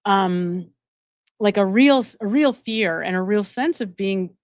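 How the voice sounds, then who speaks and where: A woman's voice: mid-range voice, measured pace, no room sound, clean studio sound. A woman hosting a live stream. She reads out viewer donations and gives commentary, repeating phrases for emphasis. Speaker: host and addiction counselor.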